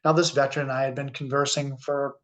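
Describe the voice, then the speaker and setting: A man with a Boston accent speaks at a workshop in an earnest, heartfelt way. He slows down and pauses between phrases as he tells his story. His pitch sits in an ordinary middle range. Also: little pitch movement, fairly bright tone, rough recording. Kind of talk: reflective keynote talk with storytelling.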